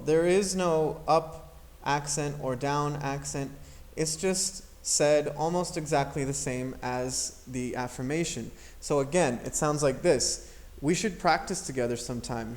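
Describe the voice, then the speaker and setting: A man teaching an English grammar lesson, explaining patiently and modeling intonation aloud. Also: a little high.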